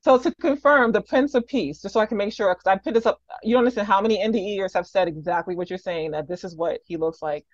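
A woman's voice: medium pitch, fast, few pauses, dry recording, muffled recording. Curious woman host on a call. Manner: curious, probing questions, many fillers. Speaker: interview host. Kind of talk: casual interview chat.

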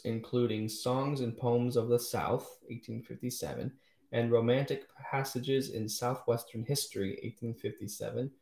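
The host of a live poetry show, this man has a creaky, darkish, medium-pitched voice. He reads and chats casually on the stream with wry asides and self-corrections, recorded in an echoey room.

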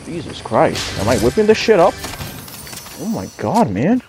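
A man's voice: a little high, huge pitch swings, unhurried. A man streaming a game live, with a voice that sounds like a cowboy, muttering and swearing to himself and slipping into drawled mock-dramatic lines. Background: game music.

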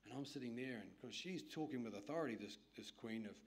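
A man, a literature evangelist, telling a lively anecdote in a sermon with asides to his listeners. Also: medium pitch, fast. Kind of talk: storytelling sermon.

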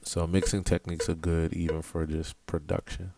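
A man, a music producer, talking through a mixing tutorial in a relaxed, explanatory way, thinking aloud as he works. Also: low voice, moderate pace, gravelly, noisy background. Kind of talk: casual screen-recorded tutorial. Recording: music tracks playing behind. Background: music playback.

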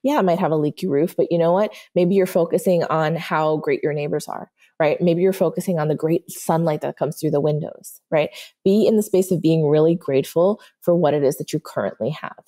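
Low, mellow-voiced woman coaching. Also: fairly quick. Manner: animated storytelling, frequent "right?" check-ins. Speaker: manifestation coach. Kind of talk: podcast guest interview.

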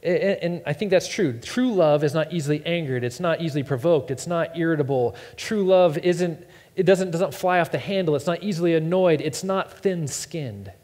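A man's voice: on the high side, moderate pace, darkish tone. A man in his thirties preaching a sermon as pastor, telling stories casually and stumbling over repeated words. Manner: casual storytelling, repeats words, self-deprecating. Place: church sanctuary. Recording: long reverb in a church hall.

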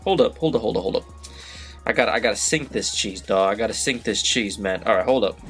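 A man hosting a reaction video, talking live over sports highlights, excitable and slangy, yelling at the players on screen. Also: quick pace, faint music behind. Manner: slangy street talk. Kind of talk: live reaction commentary while watching highlights.

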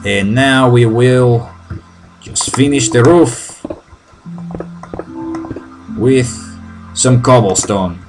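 A man's voice: mid-range voice, extremely slow, long pauses, music in the background. A man with a Russian accent giving casual video game commentary, joking as he goes, with broken, hesitant phrasing. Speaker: gameplay commentator.

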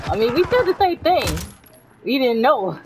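A woman chatting with a teammate while playing a shooter, drawling slowly and laughing often. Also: high-pitched, very animated. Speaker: gamer. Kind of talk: casual chat while playing. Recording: loud gunfire noise behind.

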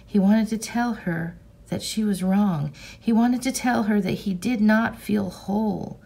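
A teacher reading a novel aloud to her class in a measured, expressive storybook manner. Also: medium pitch, vocal fry, breathy edge.

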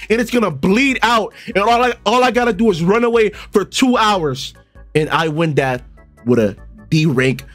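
A young man giving comedic reaction commentary, animated and exaggerated, with sudden loud outbursts and a lot of swearing. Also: high voice. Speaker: online video host reacting to a video.

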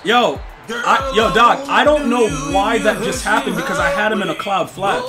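Over music, this young streamer chats with his audience as he plays a football video game live, his high voice keeping a moderate pace. He gets excited, leans on slang and repeats himself a lot.

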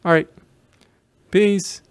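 A middle-aged man hosting a VR video rambles casually through his sign-off, restarting often and tossing in self-deprecating asides. He speaks very slowly and sounds out of breath from moving around. The studio recording is clean, with no room sound.

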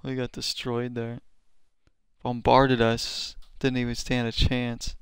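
A man's voice: medium pitch, completely flat delivery, slow pace, clear, resonant tone. A man chatting casually as he streams a video game, laid-back and rambling with fillers. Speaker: gaming streamer.

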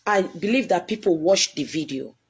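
A woman's voice: on the low side, expressive, moderate pace. A woman, a church leader, giving an earnest, pleading video address to her followers and repeating herself often.

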